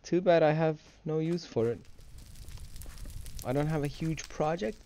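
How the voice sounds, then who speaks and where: A man's voice: fairly high pitch, a little slow, mellow, a little hiss or hum. A man giving casual, rambling gameplay commentary for his channel, drowsy and easily distracted. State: sleepy, yawning. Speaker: gamer and video host.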